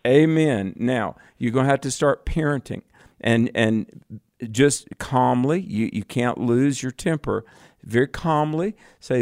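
A man's voice: mid-range voice, animated, measured pace, darkish tone, no echo, studio quality. A man co-hosting a call-in Bible radio show, giving firm, fatherly advice with preacherly emphasis.

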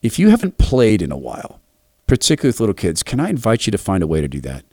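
A middle-aged man preaching a devotional talk, telling lively family anecdotes and acting out the voices. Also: lowish voice, quick pace, husky, no room sound, studio quality. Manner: animated, acts out voices in anecdotes.

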